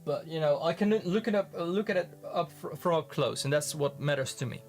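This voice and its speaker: A man casually commenting in his studio as he looks at his handmade pigments, halting and restarting often. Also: a little high, lively intonation, faint music behind. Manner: rambling, halting, many restarts. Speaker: pigment maker filming his studio work. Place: home studio.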